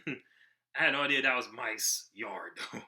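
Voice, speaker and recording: Man, reaction host, casual commentary, laughs a lot, stumbles over words, very bright voice. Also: mid-range voice, moderate pace. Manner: laughing often, stammering restarts.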